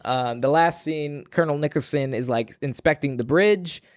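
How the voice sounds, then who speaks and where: A young man on a casual podcast, retelling a film with lively quoted voices. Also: fairly high pitch, normal speed, no room sound, studio quality. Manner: animated retelling, acting out quotes. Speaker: podcast co-host. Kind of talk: casual chat.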